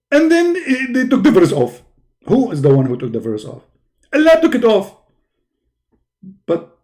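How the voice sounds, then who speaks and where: Sarcastic man with a high, lively voice. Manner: sarcastic, mocking, repetitive emphasis. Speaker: religious debater. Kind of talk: polemic talk.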